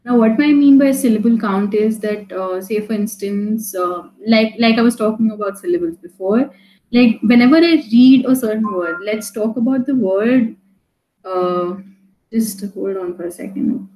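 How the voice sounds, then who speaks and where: Chatty woman teaching poetry, mellow voice. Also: mid-range voice, moderate pace, roomy sound, poor audio. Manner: chatty, with many fillers and restarts; checks in with "right?" often. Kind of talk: live online class.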